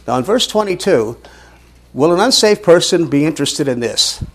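A man's voice: fairly high pitch, animated, normal speed, husky. A man teaching a sermon, reading scripture aloud with rising emphasis and asking rhetorical questions. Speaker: Bible teacher.

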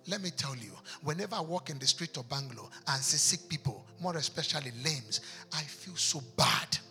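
A man's voice: on the high side, vocal fry, pushed and bright. A pastor preaching an impassioned sermon in a church, driving his points home with rhetorical questions.

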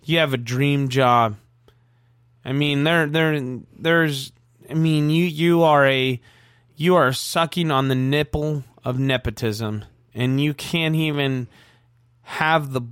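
Male co-host, heated profane rants, a bit high-pitched, dry close sound. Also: takes it slowly, a bit bright, clear, resonant tone, no echo. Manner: frustrated, profane ranting with repeated stammers. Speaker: sports talk co-host. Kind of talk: heated sports talk.

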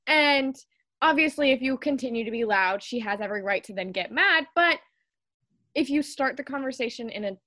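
Chatty young woman host, high voice. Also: animated, moderate pace, bright, forceful tone. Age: young adult. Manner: chatty, advice-giving, many fillers. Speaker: podcast host. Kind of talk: casual chat.

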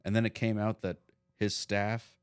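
A man's voice: on the low side, flat delivery, normal speed, smooth, no echo. A man co-hosting a podcast, chatting casually in a blunt, dry way and telling stories with swearing. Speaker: podcast co-host. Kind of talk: casual chat.

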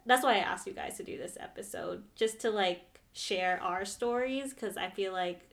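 A woman hosting a casual podcast, speaking in a gentle, affirming way. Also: medium pitch, normal speed, creaky. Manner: gentle, affirming listener with soft agreements. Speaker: podcast host.

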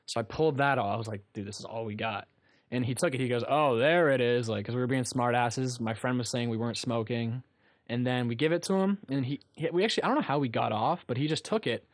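A man's voice: medium pitch, fast talker, no room sound. A young man telling a rambling story on a casual talk show, often laughing at his own tale. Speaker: guest storyteller.

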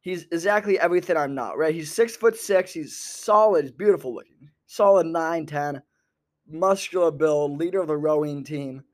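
A man's voice: a little high, moderate pace, a little mellow. A young man rambling into a microphone in a sardonic stand-up style, full of fillers. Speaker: comedian podcaster. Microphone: talking into a microphone.

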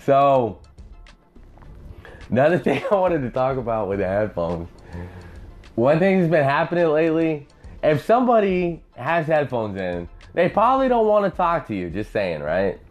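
A man's voice: fairly high pitch, sing-song, moderate pace, highs cut off, faint music behind. A man hosting a podcast, telling profane stories in a rambling, casual monologue. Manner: profane, rambling storyteller, acts out voices. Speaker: podcast host.

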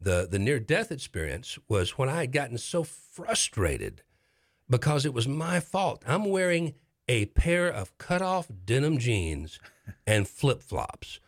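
Talking a little slowly in a mid-range voice, a middle-aged talk show host relates a dramatic story. He keeps it casual and energetic, repeating lines to drive the point home.

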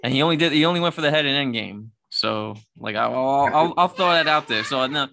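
A woman with an unusually low voice co-hosts a casual podcast, talking bluntly and with exasperation while she stammers through restarts. Her tone is bright and forceful. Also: lively intonation, brisk, creaky. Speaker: podcast co-host. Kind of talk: casual chat.

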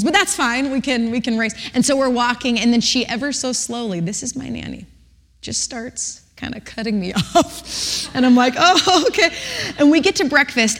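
Woman, 30s, animated storyteller at a church talk; slightly high voice, long hall reverb. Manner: animated, acts out quotes with voices. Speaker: speaker giving a testimony.

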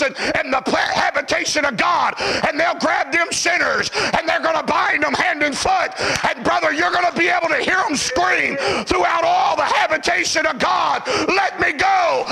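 An older man preaching a fiery revival sermon, shouting high and then dropping to low murmurs. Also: creaky.

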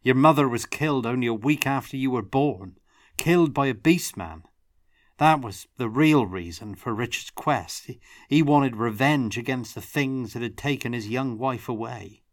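A man reading aloud, voicing a gruff, secretive halfling cook telling a grave story. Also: medium pitch, normal speed, no echo, studio quality, voice pushed up, natural voice.

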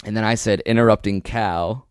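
A man's voice: fairly low pitch, fairly even intonation, normal speed, darkish tone, smooth, no room sound, studio quality. A young man co-hosting a casual comedy podcast, telling a rambling, self-mocking story into a handheld mic. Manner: rambling self-mocking storyteller, acts out his own thoughts. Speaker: podcast co-host.

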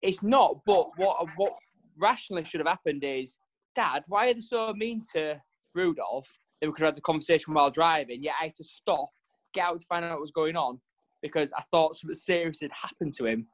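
Animated dad chatting. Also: male voice, fast talker. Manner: animated storyteller, jumps pitch for quoted voices. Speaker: podcast co-host. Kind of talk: casual chat.

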